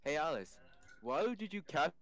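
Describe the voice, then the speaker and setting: A man's voice: fairly high pitch, sing-song, normal speed, a bit bright. A man in casual voice chat who stammers and keeps pushing his questions. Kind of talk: casual voice chat while gaming.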